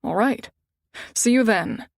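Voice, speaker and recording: A suave, confident man, voiced by a woman speaks in an easygoing, teasing way. The voice stays fairly high. The recording is close and dry. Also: slow, vocal fry, no echo, heavily acted. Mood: playful.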